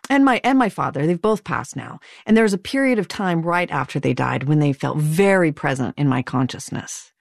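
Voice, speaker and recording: A woman's voice: low-pitched, animated, fairly quick, gravelly, hardly any pauses, no echo. A middle-aged woman hosting an interview, attentive and encouraging with short affirmations. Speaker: podcast host.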